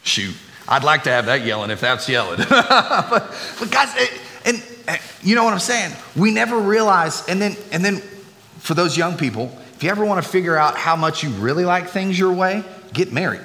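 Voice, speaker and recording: A man's voice: high voice, very animated, moderate pace, pushed and bright. A middle-aged man, preaching a sermon as a pastor, chatty and full of joking asides to the congregation. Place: church sanctuary. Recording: long hall reverb, faint room ambience.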